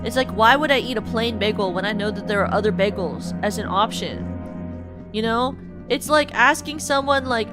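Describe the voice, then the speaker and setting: High-voiced woman ranting over game music. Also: animated, measured pace. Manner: profane, ranting, exasperated. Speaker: streamer. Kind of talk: casual gameplay rant.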